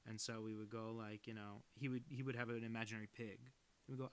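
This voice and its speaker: Cartoonist on a live stream, casual rambling talk, self-deprecating, laughs easily. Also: male voice, on the low side, little pitch movement, quick pace, smooth. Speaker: cartoonist streaming his work. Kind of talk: casual live-stream chat while drawing.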